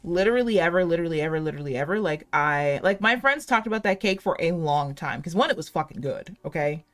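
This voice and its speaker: A woman's voice: sits low, lively intonation, quick pace, hardly any pauses. A woman in her late twenties chatting casually over gameplay, rambling and giggly, saying "like" a lot. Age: late 20s. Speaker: gaming channel host.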